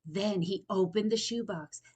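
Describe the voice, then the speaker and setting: A woman storyteller reading a picture book aloud to children, expressive and pausing to explain words. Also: medium pitch, husky.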